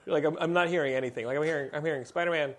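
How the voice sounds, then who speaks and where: A male podcast host chatting casually into a studio mic. His talk is animated storytelling, loose and full of fillers and laughs. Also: a little high, racing. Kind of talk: casual chat.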